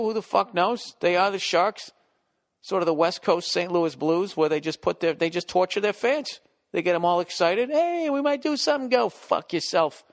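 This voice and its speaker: A middle-aged man ranting casually and profanely as a podcast host, sounding exasperated. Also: a little high.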